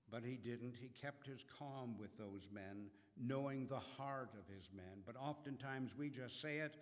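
Man, preacher, earnest sermon delivery, very slow, mid pitch, echoing church hall. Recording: long hall reverb.

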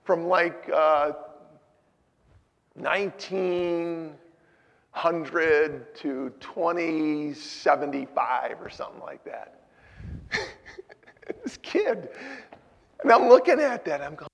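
A slow, gravelly preacher tells stories from the pulpit, his fairly high voice leaping from loud exhortation down to hushed, near-whispered asides. He takes his time over every phrase. A long reverb trails each word around the hall. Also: expressive. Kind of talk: sermon.

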